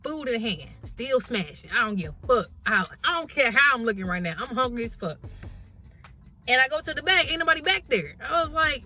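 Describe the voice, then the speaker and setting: A woman truck driver telling a casual story, blunt and profane, with animated delivery. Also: fairly high pitch, a little fast, soft background music.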